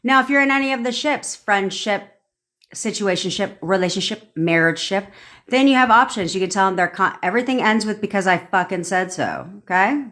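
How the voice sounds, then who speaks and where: A woman's voice: medium pitch, brisk, fairly bright tone. A woman manifestation coach on a livestream, talking in a blunt, profane, commanding way.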